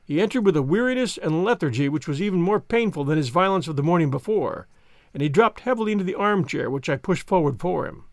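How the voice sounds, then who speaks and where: A man's voice: a little high, lively intonation, fast talker, no room sound, clean studio sound. A man narrating a classic story as an audiobook reader, telling it expressively. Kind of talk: scripted narration.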